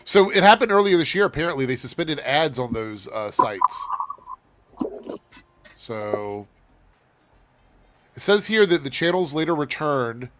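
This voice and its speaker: A man with a slightly high voice hosts a loose, casual talk show. He chats bluntly and swears often. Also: very animated, unhurried, pauses often, fairly bright tone, a little hiss or hum. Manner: loose and profane, laughing. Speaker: host. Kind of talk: casual chat.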